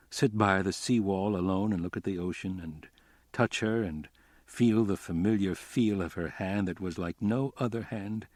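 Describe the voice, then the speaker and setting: Male narrator, low pitch, dry booth sound, understated crime read. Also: a little mellow, no room sound. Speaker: audiobook narrator. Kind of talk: scripted narration.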